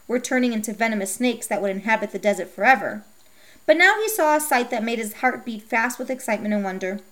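A woman reads an old myth aloud in storybook style. Her voice sits a little high, and her reading is steady and measured. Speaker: narrator.

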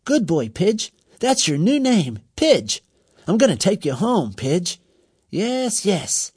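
A man voicing a gentle young boy who coaxes a hurt bird in a soft, raised voice for a storybook reading. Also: high-pitched, huge pitch swings, a little fast, slightly rough, no echo, studio quality, voice pushed up, heavily acted. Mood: soft coaxing. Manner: soft, coaxing.

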